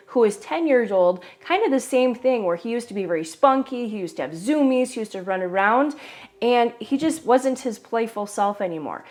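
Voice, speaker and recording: A woman host telling a casual, chatty story to camera, restarting mid-sentence as she goes. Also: mid-range voice.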